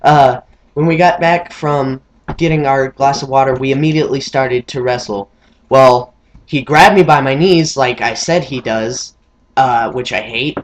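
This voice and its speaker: A man's voice: measured pace, a little hiss or hum. A young man rambling through a story to the camera, full of fillers and restarts. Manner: rambling, filler-heavy, mimics friends in high excited voices. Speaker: vlogger.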